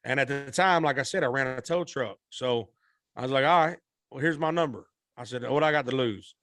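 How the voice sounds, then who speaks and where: A man's voice: mid-range voice, brisk, a bit bright, no echo. A man, a musician guest telling a rambling, folksy story in a podcast interview. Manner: rambling, repeats and restarts, Southern-style folksy speech.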